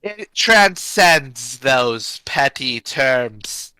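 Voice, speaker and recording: A solemn, cryptic ancient rock spirit played by a man delivers grave pronouncements at a crawling pace. The voice is bright and crisp, recorded dry and close. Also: medium pitch, lively intonation, dry recording, exaggerated voice, low-quality recording. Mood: curt. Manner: slow, grave, deliberate pronouncements.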